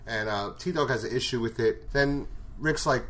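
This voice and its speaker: A man's voice: mid-range voice, moderate pace, a bit bright. A man giving a casual episode recap, blunt and full of swearing. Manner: blunt and profane. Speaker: show reviewer.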